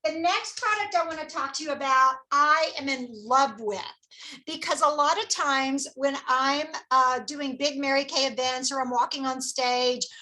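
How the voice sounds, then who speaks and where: High bright lady doing a chatty skincare party pitch, upbeat and folksy, keeps asking the group questions. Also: moderate pace. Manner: upbeat and folksy, coaxes her audience with questions. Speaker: beauty consultant hosting a product party. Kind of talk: chatty product presentation to a group.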